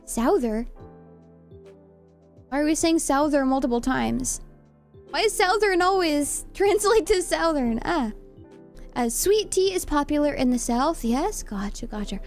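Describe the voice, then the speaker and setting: A woman's voice: sits high, lively intonation, measured pace, pauses often, soft background music. A young woman with a Californian accent, chatting casually with her live viewers, giggly and self-deprecating. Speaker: streamer. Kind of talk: casual chat reading live comments.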